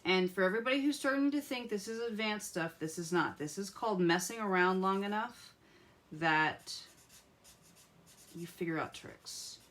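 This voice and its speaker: This craft demonstrator has a medium-pitched, animated voice with a slightly bright tone and a moderate pace. Leading a live tutorial, she talks to her audience as she colors, murmuring to herself over which pens to use.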